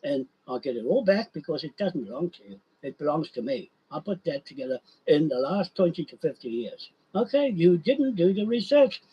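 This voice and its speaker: A man's voice: on the high side, very animated, moderate pace, hardly any pauses, husky, dull audio. An older man, ranting in a rambling monologue and repeating himself. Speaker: vlogger.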